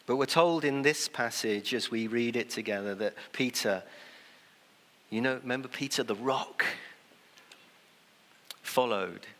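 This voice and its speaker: A man's voice: mid-range voice, a little slow, pauses often, fairly bright tone. A man preaching a sermon in a conversational way, sometimes acting out the people he quotes. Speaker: pastor. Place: church. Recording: long church reverb.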